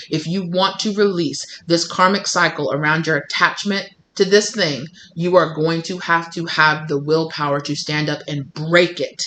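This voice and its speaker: A tarot reader speaks straight to viewers in a mid-range, sharp-toned voice, with a faint hiss or hum behind it. She's blunt and emphatic, repeating phrases, acting out what other people say, and swearing casually.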